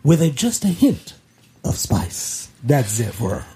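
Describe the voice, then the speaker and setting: A man co-hosting a casual movie review podcast, reading facts from his notes in an even-tempered way. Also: medium pitch, slow pace, background noise. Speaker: podcast co-host.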